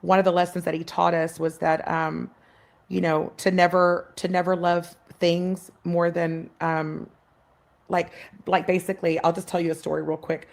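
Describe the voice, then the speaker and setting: Woman guest, 30s, lower voice, heartfelt storyteller, restarts often. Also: little pitch movement, moderate pace, vocal fry. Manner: heartfelt, many fillers and restarts, acts out voices in her story. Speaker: podcast guest. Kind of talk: personal storytelling.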